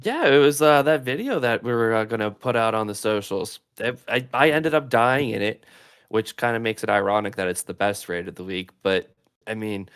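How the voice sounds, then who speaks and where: Smooth low-voiced man in casual chat. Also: normal speed, a bit bright. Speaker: podcast co-host.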